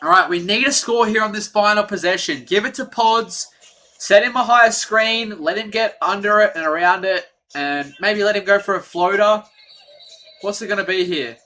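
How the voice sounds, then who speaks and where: Male fan streamer calling the game live, openly biased, erupts at bad calls, bright edgy voice. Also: sits high, normal speed. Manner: partisan, excitable, rants at referees.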